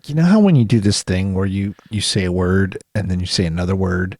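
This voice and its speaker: Man with a very deep voice, wry quips. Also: a little fast, a little mellow, no room sound, studio quality. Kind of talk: casual chat.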